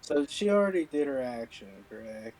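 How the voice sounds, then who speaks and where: A man's voice: mid-range voice, expressive, moderate pace, a crowd in the background, poor audio. A man playing a tabletop game, casual, swearing and thinking aloud over his rolls. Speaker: player.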